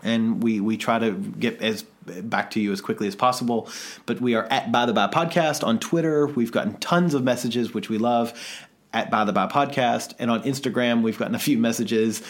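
A man co-hosting a podcast, chatting casually with his partner. He rambles, restarts his sentences and drifts into jokes, at a middling pitch. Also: normal speed. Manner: rambling, self-reflective, jokey. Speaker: podcast co-host. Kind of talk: casual chat.

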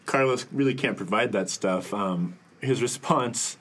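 A man telling a story on a casual podcast, halting with ums and laughing often. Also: on the low side, fairly bright tone.

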